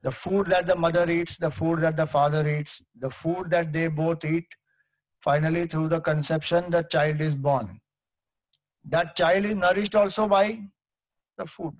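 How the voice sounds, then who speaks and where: Indian male teacher, fairly high husky voice, dry close sound, patient storytelling lecture. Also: fairly even intonation, unhurried, dry recording, poor audio. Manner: explains patiently, tells stories with acted-out quotes; mixes in Hindi phrases. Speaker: Vedanta teacher. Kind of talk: spiritual lecture.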